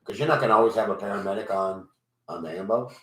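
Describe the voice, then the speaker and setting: A man hosting a casual podcast chat, agreeable and quick with short affirmations. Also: lowish voice, a bit bright. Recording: echoey room with noise.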